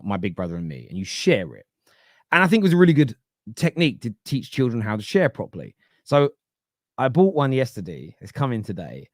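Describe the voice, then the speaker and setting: A man in his thirties hosting a casual football chat, animated and laughing often, repeating words for emphasis. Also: medium pitch, dry recording, studio quality. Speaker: football podcast host. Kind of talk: casual live-stream chat reading comments.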